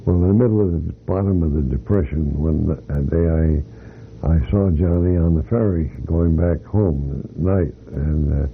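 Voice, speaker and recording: Gravelly low-voiced older man telling stories. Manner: rambling, anecdotal, many restarts and fillers. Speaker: retired company employee interviewee. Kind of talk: oral history storytelling. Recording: tinny phone-like band with faint hiss.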